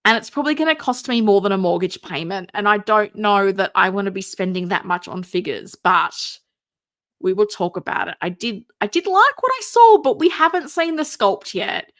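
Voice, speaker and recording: A woman's voice: mid-range voice, expressive, moderate pace, fairly bright tone. An Australian woman hosting a casual livestream, tired and rambling, with a wry, mumbly way of talking. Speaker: host of a figure collecting livestream.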